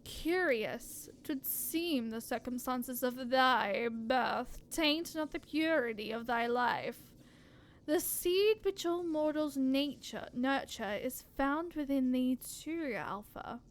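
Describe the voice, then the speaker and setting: A woman voicing an ancient godlike being, speaking slowly in grave, archaic tones. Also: sits high, expressive, voice pushed down, heavily acted. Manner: archaic, slow and solemn.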